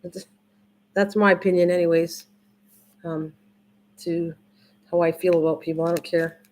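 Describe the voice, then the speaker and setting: A woman's voice: on the low side, little pitch movement, normal speed, darkish tone. An older woman hosting a crafting live stream, chatting casually with viewers in a rambling, repetitive way. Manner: rambling, repeats herself, restarts often. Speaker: livestream crafting host.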